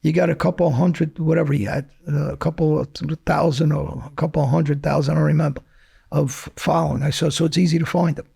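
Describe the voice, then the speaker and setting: Gruff gravelly-voiced man, combative. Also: a little high, steady tone, brisk, warm tone. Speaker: interview guest, former mobster. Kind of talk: blunt conversational interview.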